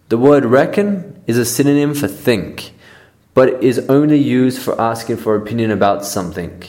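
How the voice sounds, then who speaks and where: A man's voice: mid-range voice, animated, normal speed, a little mellow. Australian man reading an English lesson. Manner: reads steadily and explains terms plainly. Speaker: English teacher.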